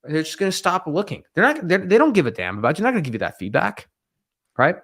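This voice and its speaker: Male sales coach for a live stream: blunt and emphatic, pushes hard, with a voice sitting a bit high. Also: very animated, fast talker, fairly bright tone. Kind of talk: motivational live-stream talk. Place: room with bookshelves behind him.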